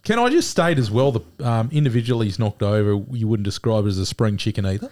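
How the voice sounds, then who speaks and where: A man's voice: fairly low pitch, lively intonation, fast talker, darkish tone. A young Australian man co-hosting a podcast, cracking dry jokes in casual chat. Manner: dry, joking, chuckles at his own lines. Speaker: podcast co-host. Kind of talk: casual banter.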